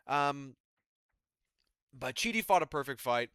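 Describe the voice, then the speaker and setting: Bright, crisp-voiced man recapping fights. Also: fairly high pitch, expressive, moderate pace, no echo, studio quality. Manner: rambling, profane, exasperated. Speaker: MMA commentary YouTuber.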